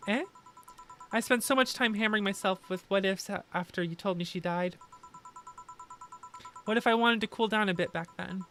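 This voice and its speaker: A woman's voice: mid-range voice, normal speed, pauses often, fairly bright tone, slight background noise. A woman reading a visual novel's dialogue aloud on a stream, doing every part herself in a plain delivery.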